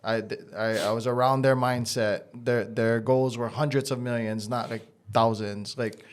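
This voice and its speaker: A male podcast host with a mid-range voice, talking casually with his guest. He asks loose, conversational questions. He keeps the exchange going with quick "yeah"s. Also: medium pitch, fairly even intonation. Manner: frequent short affirmations, conversational questions. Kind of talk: casual interview.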